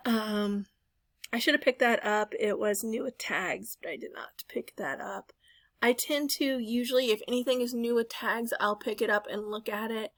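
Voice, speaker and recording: In a casual voice-over, a woman in her thirties who resells walks through a thrift haul, her delivery bright and forceful, friendly and rambling, full of fillers and mid-sentence corrections. She's fairly high-pitched at a moderate pace, and the recording is dry and close with no surrounding room.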